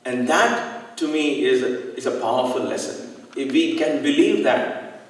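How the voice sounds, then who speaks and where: A man's voice: mid-range voice, lively intonation, distant mic. Earnest man speaking in an echoey hall. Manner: earnest, reflective, slow with pauses. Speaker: satsang speaker. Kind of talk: devotional talk with personal story.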